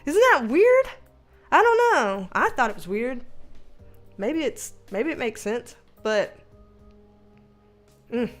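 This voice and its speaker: Young woman chatting on her stream, high voice, laughs a lot, cusses casually. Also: very animated, slow pace, pauses often, soft background music. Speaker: livestream host reading chat. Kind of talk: casual chat.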